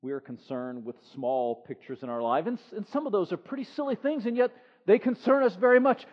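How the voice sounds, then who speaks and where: High-voiced preacher in an echoing hall. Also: male voice, lively intonation, a little fast. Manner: emphatic preaching with repeated phrases and rhetorical questions. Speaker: pastor. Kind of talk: sermon. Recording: reverberant hall, dull lo-fi sound.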